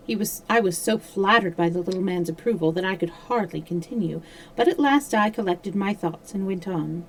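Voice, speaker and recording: Woman storyteller, steady livestream read-aloud, mid-range voice, small slips. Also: mid-range voice, normal speed, rough recording. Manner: steady reading, with small slips and self-corrections. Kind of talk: reading a novel aloud on a livestream.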